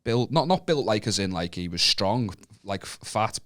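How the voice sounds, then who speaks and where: A man from Merseyside, England, with a Scouse accent and a fairly low, fairly bright, animated voice, co-hosts a comedy podcast at a moderate pace. He tells a rambling anecdote full of restarts, swearing freely and laughing often in casual storytelling chat.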